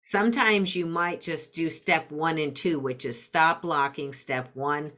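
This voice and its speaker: Woman, parenting coach, podcast guest, lowish voice, unhurried, patient step-by-step explanations. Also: fairly bright tone. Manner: patient, explains step by step with acted-out example phrases. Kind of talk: explanatory interview talk.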